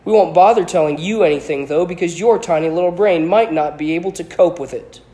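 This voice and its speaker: A man reading aloud as an exhausted, furious teenage wizard boy, snapping short and loud with little patience. The voice is pushed up higher than plain talk, in a storybook reading. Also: animated, moderate pace, lightly acted. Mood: angry. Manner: terse, loud and impatient.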